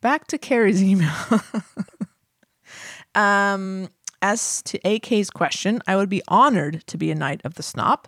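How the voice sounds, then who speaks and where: A woman's voice: mid-range voice, measured pace, a bit bright, no room sound, clean studio sound. Woman podcast host, casual chatty mail reading, laughs a lot, mid voice. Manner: giggly, chatty, breaks into laughter often.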